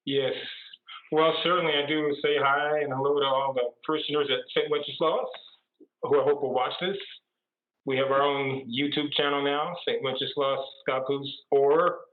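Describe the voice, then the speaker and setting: Priest guy telling jokes on a video call, kinda high voice, sounds tinny like a phone. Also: steady tone, normal speed. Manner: chatty, playful. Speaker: priest, guest.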